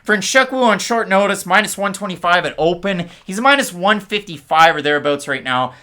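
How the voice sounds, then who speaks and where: Male podcast co-host, bright tone, casual stat-heavy fight talk. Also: high voice, lively intonation. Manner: stat-heavy, rapid-fire breakdown.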